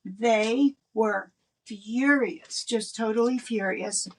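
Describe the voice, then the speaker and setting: An older woman, a guest in an interview, telling a personal story in an animated way and laughing between lines. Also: on the high side, takes it slowly, distant mic, a little hiss or hum.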